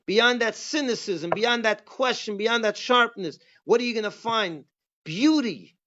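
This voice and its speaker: Teaching a Passover class, a rabbi with a high, fairly bright voice presses his points emphatically and asks one rhetorical question after another. The recording itself is dull and lo-fi.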